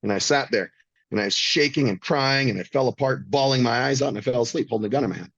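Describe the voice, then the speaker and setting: A man's voice: mid-range voice, fast talker, fairly bright tone, no room sound, poor audio. Blunt, profane man in his fifties. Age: 50s. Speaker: guest. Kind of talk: casual storytelling.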